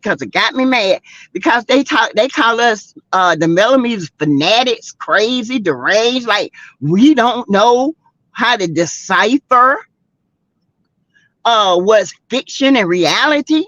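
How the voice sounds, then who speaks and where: A middle-aged woman from South Carolina in the US, with a voice on the high side, hosts a casual gossip livestream with no room sound. She's animated and exclamatory, talking straight to her chat, and the stream audio is dull and lo-fi.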